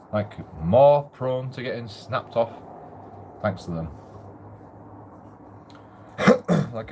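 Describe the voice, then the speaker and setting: A man's voice: mid-range voice, a little mellow. Man, sweary rambling rant, casual monologue, shared-house room, faint noise behind. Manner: sweary, grumbling, rambling with restarts. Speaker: vlogger.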